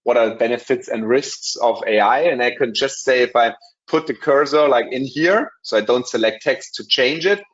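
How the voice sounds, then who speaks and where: A man with a German accent giving a live software demo in a webinar, talking casually with many ums and restarts. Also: mid-range voice, normal speed, lo-fi sound. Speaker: webinar presenter.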